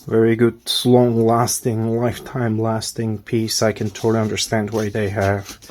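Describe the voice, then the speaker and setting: A man giving a casual product review in halting, short fragments with pauses. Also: lowish voice, monotone, noisy background. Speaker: tool reviewer.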